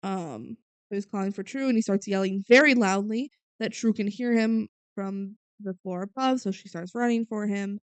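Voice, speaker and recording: Brief: woman podcast co-host, casual movie recap, clear smooth voice, dry close sound, trails off softly. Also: medium pitch, moderate pace, no echo. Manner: retells scenes with filler words, often trails off quietly.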